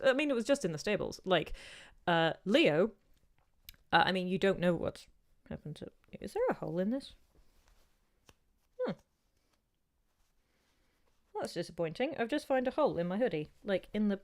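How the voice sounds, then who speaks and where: A woman in her thirties with a softened Northern Irish accent, chatting casually as she answers viewer questions on a livestream, rambling with plenty of "um" and "like". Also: lowish voice. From Northern Ireland. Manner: chatty and rambling, with many "um" and "like" asides.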